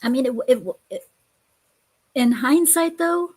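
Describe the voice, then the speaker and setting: A woman's voice: sits high, animated, normal speed, darkish tone, breathy edge. A woman appearing as a guest on a casual podcast, making dry, teasing remarks.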